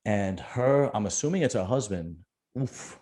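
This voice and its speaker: A man's voice: lowish voice, animated, unhurried, mellow. A middle-aged man, hosting a casual chat and telling a rambling, joking story. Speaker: podcast host.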